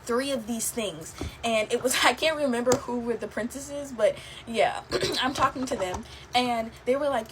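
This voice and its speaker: A woman's voice: a little high, normal speed, noisy background. A young woman telling her own eerie stories in a casual, chatty way, with many fillers and laughs. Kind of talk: casual storytelling to camera.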